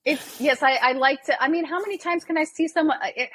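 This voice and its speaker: A woman's voice: sits high, fast talker, fairly bright tone, dry recording. A woman in her thirties hosting a podcast, empathetic and emphatic, talking in bursts with restarts. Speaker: podcast host. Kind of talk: interview conversation.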